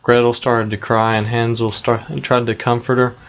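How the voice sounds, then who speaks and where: A man retelling a fairy tale in a plain, conversational, unhurried way, with small asides to the listener. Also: mid-range voice, little pitch movement, a bit bright, muffled recording. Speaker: storyteller.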